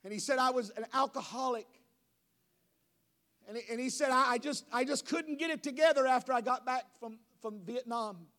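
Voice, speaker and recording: Pastor, male, high-pitched, sermon delivery that climbs to shouting. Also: normal speed. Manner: preaching, rising to shouts. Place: church.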